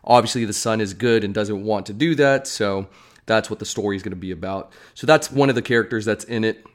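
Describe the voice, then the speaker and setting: A man's voice: on the low side, brisk. A man giving casual, rambling commentary on upcoming films as a vlogger, with joking asides. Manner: chatty, rambling, self-deprecating asides. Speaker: movie news vlogger.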